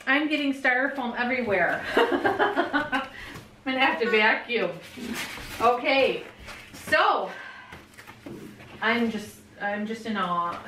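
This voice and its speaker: A middle-aged woman vlogging at home, gushing over gifts and often dropping into a hushed whisper. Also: mid-range voice, recorded from a distance, a little hiss or hum. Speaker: pet vlogger. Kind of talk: casual vlog, unboxing gifts. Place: bedroom at home. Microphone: camera mic. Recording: roomy home audio, slightly off-mic.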